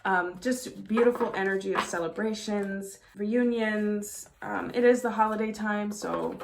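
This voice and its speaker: A young adult woman giving a casual tarot reading, talking excitedly with emphatic bursts and laughs. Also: mid-range voice, a little slow, vocal fry, slight background noise. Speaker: intuitive tarot reader.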